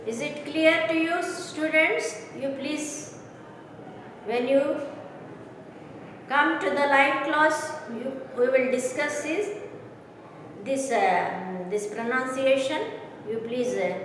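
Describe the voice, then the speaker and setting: Woman teacher, high pitch, slow and repetitive pronunciation lecture, recorded far from the mic in a reverberant room. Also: slight background noise. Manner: slow, repetitive, keeps checking students understand. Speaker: English teacher. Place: classroom or room with a board.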